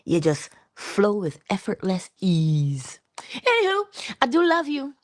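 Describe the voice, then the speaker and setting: Woman, livestream host, slow unhurried pace, dry sound, hushed asides, affectionate musing. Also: mid-range voice, wildly swooping pitch, no room sound. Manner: musing, affectionate, drifts between hushed asides and bursts of laughter. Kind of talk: inspirational morning livestream talk. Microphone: livestream mic.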